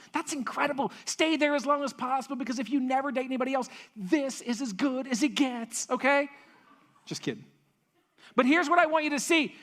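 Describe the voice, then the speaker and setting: A man pastor preaching a sermon in a church, animated and repetitive for emphasis, with joking asides. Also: very high-pitched. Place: church stage.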